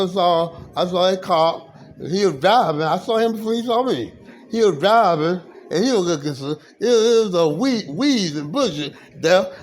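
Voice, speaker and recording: High-voiced man rambling through his story. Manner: halting, repetitive, frequent restarts and fillers. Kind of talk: rambling personal account.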